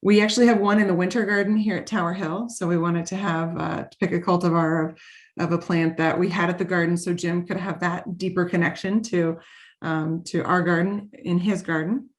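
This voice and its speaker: A woman's voice: on the low side, fairly even intonation. A woman, the head of a garden, giving a heartfelt tribute at an annual meeting, with small restarts. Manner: warm, heartfelt, slightly halting with restarts. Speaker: CEO of a garden. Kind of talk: formal meeting tribute speech.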